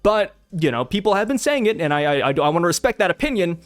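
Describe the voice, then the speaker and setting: A young man giving a casual, excitable chapter breakdown for viewers, chatting fast and asking the audience questions. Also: sits high, dry recording, clean studio sound. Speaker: anime and manga commentator.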